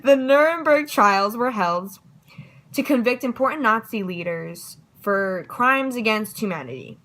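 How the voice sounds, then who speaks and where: Young woman doing a casual history review, bright voice, chatty, trips over words sometimes. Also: on the high side, lively intonation, measured pace, poor audio. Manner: chatty and self-deprecating, stumbles over words. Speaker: student giving a history review.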